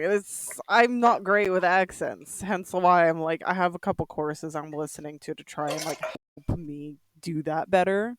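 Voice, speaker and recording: A woman's voice: lowish voice, measured pace, slight background noise. A woman streamer chatting casually while gaming, laughing often and joking about herself. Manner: laughs often, self-deprecating.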